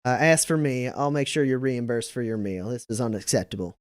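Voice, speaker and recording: A man's voice: mid-range voice, animated, brisk, no room sound, studio quality, close to an everyday voice. A man voicing a commanding, courteous male militia captain with a folksy drawl. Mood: stern. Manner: drawling, formal with a folksy edge.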